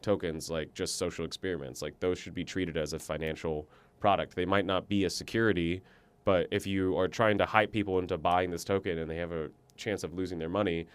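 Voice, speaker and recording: A man with a fairly low voice co-hosts a casual podcast in a booth. He talks in an animated, opinionated way and often stops and restarts mid-sentence. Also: brisk, clear, resonant tone. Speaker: podcast co-host. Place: podcast booth at a conference office.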